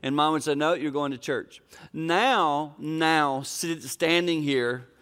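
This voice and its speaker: A man's voice: on the high side, slow pace, a bit bright, clear, resonant tone. An older man preaching a sermon, telling a personal story in an earnest, conversational, folksy way. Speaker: pastor.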